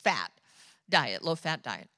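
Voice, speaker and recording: A woman's voice: low voice, very animated, takes it slowly, bright, forceful tone, no room sound, clean studio sound, pitched below the performer's own voice, heavily acted. A woman voicing a sweet young female substitute nurse who talks hesitantly and corrects herself.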